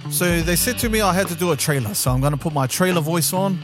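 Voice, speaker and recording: A man's voice: a little high, expressive, fast talker. Sing-song man over backing music. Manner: playful, half-singing. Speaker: podcast host doing a trailer. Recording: music playing behind.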